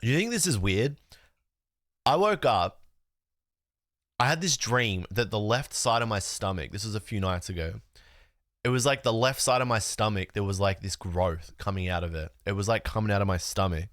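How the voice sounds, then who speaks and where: Congested man, nasal, low voice, dry close sound, rambling livestream chat. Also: expressive, normal speed, a bit bright, no room sound. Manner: loose, rambling, joking with chat. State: congested, sick. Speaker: streamer.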